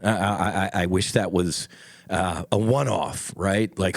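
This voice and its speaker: A man's voice: sits low, steady tone, unhurried, vocal fry, no echo, clean studio sound. A middle-aged man hosting a solo podcast, talking in a blunt, impassioned way and swearing freely. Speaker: podcast host.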